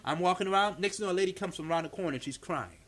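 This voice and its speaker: A male pastor preaching an animated, story-driven sermon at a church meeting, acting out dialogue and repeating words for emphasis. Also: sits high, rapid-fire.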